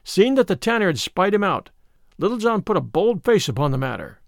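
A man narrating an old-fashioned storybook in an expressive, unhurried way. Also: high-pitched, gravelly, no room sound, clean studio sound.

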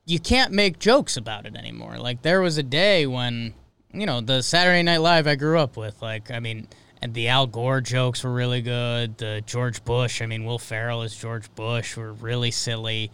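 A man's voice: mid-range voice, normal speed, a bit bright, smooth. A man co-hosting a casual sports podcast, rambling with fillers and restarts. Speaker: podcast co-host.

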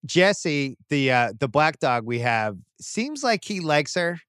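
Speaking slowly in a smooth, fairly high voice, a middle-aged man who hosts a sports podcast spins a lengthy home story in easygoing conversation. He performs the voices of the people he quotes, and the dry close studio mic leaves no echo.

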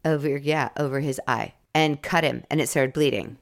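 A woman's voice: very deep voice, normal speed, vocal fry. A woman co-hosting a podcast, telling stories in a playful, joking way. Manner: playful, jokey storyteller. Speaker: podcast co-host. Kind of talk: casual chat.

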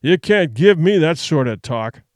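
A man playing a hoarse, snarling drunken sea captain. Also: on the high side, expressive, unhurried, a little mellow, no echo. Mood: resentful. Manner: accusing, snarling, agitated.

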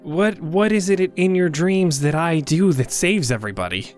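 A man's voice: fairly high pitch, expressive, normal speed, faint music behind, close to an everyday voice. A man voicing a guarded young male musician, speaking in a wary, questioning way.

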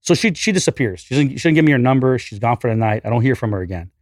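A man in his forties, a podcast guest, telling a story in an animated, profane, self-deprecating way. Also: medium pitch, racing, dry recording, clean studio sound. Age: 40s. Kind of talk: casual storytelling.

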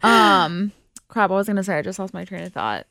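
A young adult woman co-hosting a podcast in casual chat, gushing and quick to exclaim. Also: medium pitch, expressive, gravelly, pushed and bright, no room sound, studio quality. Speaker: podcast co-host.

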